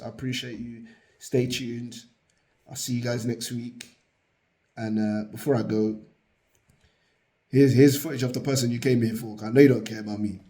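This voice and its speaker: A young father chatting playfully to camera at home, with lots of slang, sometimes murmuring softly by a sleeping baby. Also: mid-range voice, slightly rough. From Britain. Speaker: vlog host, father. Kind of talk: casual chat to camera.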